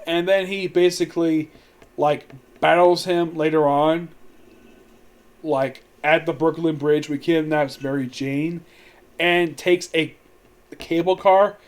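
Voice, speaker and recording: A man's voice: high voice, darkish tone. A man giving a casual, rambling spoken film review, amused, with many fillers and restarts. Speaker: movie reviewer.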